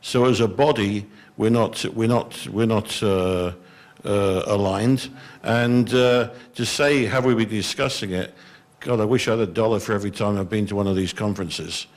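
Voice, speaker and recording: A man's voice: on the low side, normal speed. Blunt middle-aged Englishman on a panel. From England. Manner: blunt, exasperated, frank. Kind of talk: panel discussion answer. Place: conference hall.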